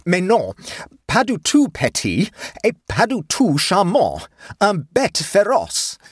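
A man's voice: high-pitched, huge pitch swings, slow, slightly rough, dry recording, studio quality, voice pushed up, full character voice. A man voicing a prim, flustered middle-aged lady in a storybook reading, talking stiffly and with growing exasperation. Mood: exasperated. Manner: reluctant, stiff, increasingly exasperated.

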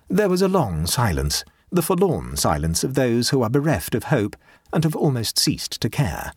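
A male narrator reads a classic story aloud in a measured, expressive manner. His voice is husky and ranges widely in pitch. The sound is close and dry. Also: no room sound. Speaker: audiobook narrator. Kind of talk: scripted narration.

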